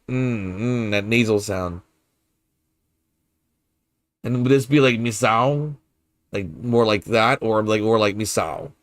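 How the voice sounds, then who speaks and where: Halting, curious male streamer, dry sound. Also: mid-range voice, no room sound. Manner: hesitant, repeats words while puzzling over pronunciation; curious and playful. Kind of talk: casual chat with viewers while gaming.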